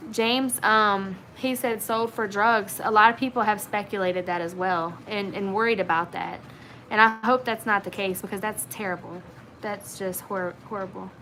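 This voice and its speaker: A woman's voice: mid-range voice, steady tone, normal speed, pushed and bright, a little hiss or hum, rough recording. A woman from Virginia with a Southern accent, hosting a casual livestream and chatting through viewer comments with lots of fillers. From Virginia, Blue Ridge region. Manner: chatty, many fillers, reads comments aloud. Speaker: livestream host.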